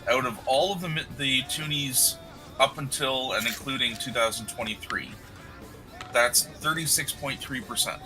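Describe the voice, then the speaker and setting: Man, mid-pitched, casual stream host, methodical, self-deprecating, music behind. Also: moderate pace, bright, forceful tone, low-quality recording. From Canada. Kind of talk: casual livestream chat.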